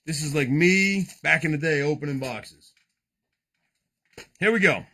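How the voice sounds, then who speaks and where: Rowdy male card-break host, high and lively, bright voice, jokey rambling patter with cursing. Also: a little slow. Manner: loud, joking, rambling, swears often. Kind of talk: casual livestream card break.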